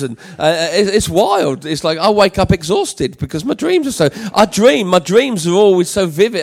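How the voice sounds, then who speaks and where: A man's voice: high-pitched, creaky. A man preaching a sermon in an emphatic, repetitive style that rises to passionate appeals, telling a personal story to his congregation. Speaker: pastor.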